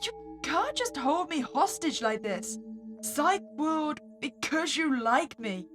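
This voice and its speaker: A woman's voice: sits high, big pitch swings, takes it slowly, music in the background. A woman playing through a horror visual novel, reading the player's lines aloud and adding wry, sarcastic asides. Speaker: game streamer.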